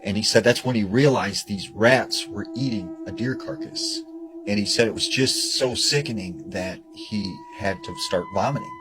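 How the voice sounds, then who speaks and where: This man's voice sits on the low side, with wildly swooping pitch and a moderate pace, captured in a rough recording with music beneath it. He's casually passing along a scary story he heard, chatty and loose, leaning heavily on "you know" and "like."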